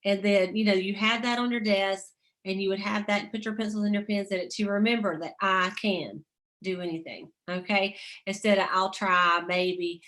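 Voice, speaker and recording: A woman's voice: medium pitch, steady tone, normal speed, fairly bright tone. A middle-aged woman leading a motivational sales team call, chatty, laughing often and reading inspirational quotes aloud.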